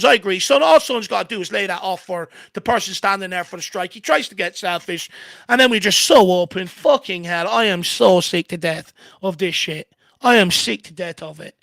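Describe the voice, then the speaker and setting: Exasperated man ranting live over a match, high and gravelly, very dry recording. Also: a bit bright, no echo. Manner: exasperated ranting, heavy swearing. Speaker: co-host of a fan watchalong. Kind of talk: heated live match reaction.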